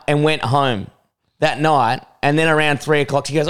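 A young Australian man co-hosting a casual comedy podcast, telling animated, swearing stories with laughs. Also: on the high side, brisk, smooth. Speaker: podcast co-host.

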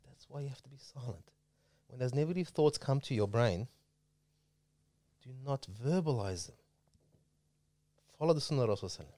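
A man's voice: mid-range voice, lively intonation, moderate pace, long pauses, mellow, dry recording. A man hosting a casual religious talk, emphatic and preachy, pushing up his voice to stress points.

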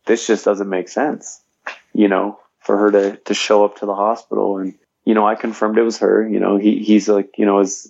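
A man with a lowish, gravelly voice tells his own story as a podcast guest. He talks earnestly and fills his sentences with "you know". The audio is a bit dull and lo-fi. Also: a little mellow. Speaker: guest, fitness trainer and motivational speaker. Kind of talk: personal story in a podcast interview.

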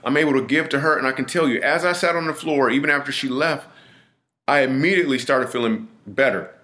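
A middle-aged man, a comedian appearing as a podcast guest, tells a personal story earnestly and vividly, often restarting and repeating himself. His mid-range voice has a sharp tone, and he talks a little fast.

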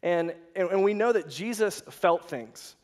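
A man giving a sermon as a guest speaker at a worship night, lively and repeating his questions, with frequent restarts. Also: sits high, a little slow.

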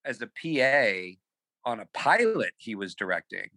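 A man telling a story as a podcast guest, animated, repeating words as he acts out quotes on a close mic. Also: lowish voice, measured pace, dry recording, low-quality recording. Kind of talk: casual storytelling.

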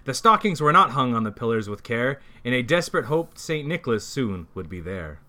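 A man's voice: medium pitch, very animated, brisk, pushed and bright. A man reading a fan story aloud casually, at times stopping to correct himself. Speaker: reader.

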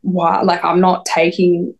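Woman, young adult, rambling storyteller, low-pitched. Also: completely flat delivery, takes it slowly, vocal fry. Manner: rambling, lots of "like", quoting others. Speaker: podcast guest. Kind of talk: recounting a personal story in an interview.

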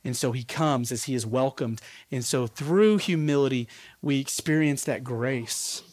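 A man's voice: medium pitch, measured pace, a little mellow. A man giving a conversational sermon as a pastor, laughing at his own asides.

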